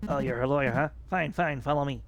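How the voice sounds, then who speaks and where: A man's voice: medium pitch, quick pace, vocal fry, soft background music, close to an everyday voice. A man voicing an impatient male guard dog who talks in curt, brusque bursts.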